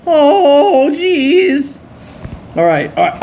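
High, lively young man gaming. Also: normal speed, slight background noise. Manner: joking, playfully reads game lines aloud. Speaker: gaming channel host. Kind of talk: casual gameplay commentary.

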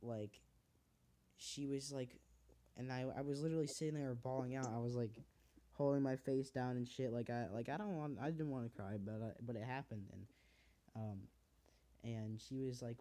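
A man's voice: mid-range voice, fairly even intonation, normal speed, warm tone. A teenage man hosting a podcast, talking in casual, heartfelt rambles full of fillers and swearing. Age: teens. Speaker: podcast host. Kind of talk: casual chat.

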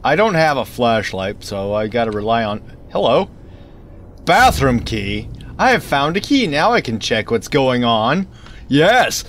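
A man's voice: medium pitch, fairly bright tone. A man giving casual commentary while playing a game, chatty and easily startled, wandering into rambling asides. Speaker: let's play gamer.

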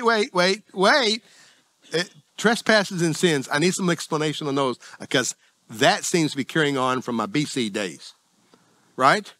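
A middle-aged man with a Southern US accent preaching a sermon in a folksy, self-deprecating, conversational way with sudden jumps in pitch. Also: pushed and bright, no room sound. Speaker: pastor.

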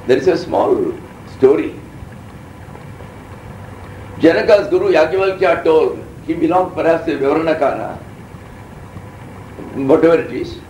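A man's voice: a little high, a little slow, long pauses, mellow, a little hiss or hum. A man in his seventies with an Indian accent, giving a meandering, anecdotal scriptural discourse as a spiritual teacher. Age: 70s. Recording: roomy sound from a distant mic.

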